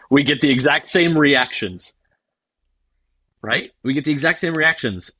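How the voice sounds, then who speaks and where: A man guesting on a podcast as a sales leader, telling stories in a lively, acted-out way and often laughing. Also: mid-range voice, measured pace, pauses often, slightly rough. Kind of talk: animated storytelling in casual chat.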